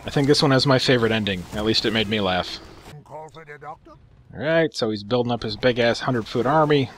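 A man's voice: medium pitch, fairly quick, a bit bright. A man commentating on game replays in a sarcastic, profane, amused way.

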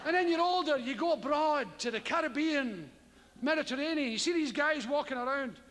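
A Scottish man doing stand-up, telling a profane story in an animated way and acting out yells and strange noises himself. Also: extremely high pitch, fairly quick, in a large hall. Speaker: stand-up comedian. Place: theatre stage before a live audience.

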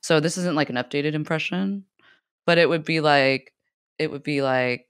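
A woman's voice: low voice, normal speed, smooth. A woman co-hosting a podcast in casual, joking chat, peppering her talk with "like". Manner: playful, joking, lots of "like". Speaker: podcast co-host.

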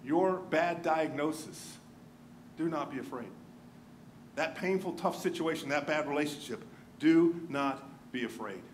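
Male pastor, high-pitched, animated storyteller who drops to hushed tones; faint background noise. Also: a little slow. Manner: animated storytelling, dropping to a hushed near-whisper for emphasis. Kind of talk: sermon. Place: church sanctuary.

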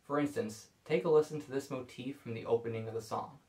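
A man calmly explaining violin bowing technique in a scripted video lesson. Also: medium pitch, brisk. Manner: calm, explanatory. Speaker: violin teacher. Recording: echoey room.

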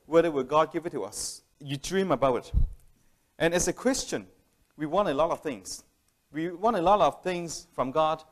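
A man preaching a sermon in a plain, conversational way, telling a family story and often restarting his sentences. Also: a little high. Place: church hall.

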